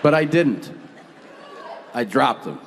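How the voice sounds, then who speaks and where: A man's voice: medium pitch, expressive, slow, vocal fry, over a noisy crowd. A man in his forties doing stand-up comedy on a theater stage, telling brash, profane stories into a handheld mic. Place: theater stage before a live audience. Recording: live hall reverb with audience noise.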